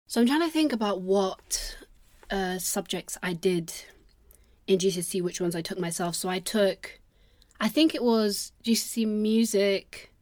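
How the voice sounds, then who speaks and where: A woman's voice: medium pitch, normal speed, a little mellow, no room sound. Young woman, podcast host, casual rambling monologue, self-deprecating and sweary, dead-dry close mic.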